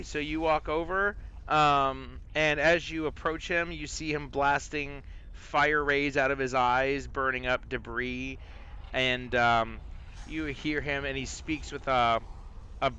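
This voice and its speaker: A man's voice: mid-range voice, fairly even intonation, unhurried, pushed and bright, clean tone. A man narrating as dungeon master of a tabletop game, in a loose, chatty way.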